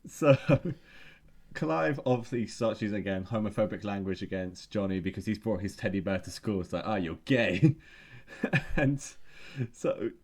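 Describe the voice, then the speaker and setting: Casting: male podcast co-host, lowish voice, casual recaps, slips into quoting characters. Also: expressive. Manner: retells scenes with quick acted quotes. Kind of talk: casual chat.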